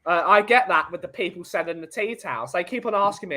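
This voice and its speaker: A man hosting a laid-back podcast, telling rambling jokey stories. His voice sits a little high for a man. He talks in a loose, chatty way. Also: fast talker, bright, forceful tone. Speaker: podcast host. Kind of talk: casual chat.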